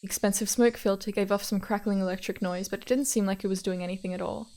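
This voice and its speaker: A woman's voice: medium pitch, fairly even intonation, fast talker, a little mellow. A woman streamer reading a visual novel aloud, breaking off into giggly casual asides and playful repetitions of words.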